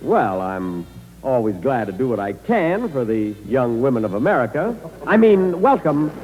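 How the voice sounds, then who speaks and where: With soft music behind him, a man hosting a 1940s radio comedy speaks in a sing-song, medium-pitched, darkish voice at a moderate pace. This old broadcast captures him live before troops in a hall, hesitant, exasperated, and full of "uh"s.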